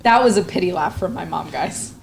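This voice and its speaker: A young adult woman hosting a movie podcast, playful and animated, often laughing. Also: lowish voice, brisk, creaky, a little hiss or hum. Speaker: podcast host. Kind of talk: casual chat.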